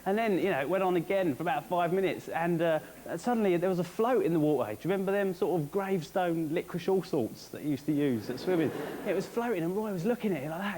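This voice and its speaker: High-voiced whimsical comedian. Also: male voice, quick pace, noisy background. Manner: whimsical, rambling and animated. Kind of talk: surreal stand-up storytelling. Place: live comedy stage.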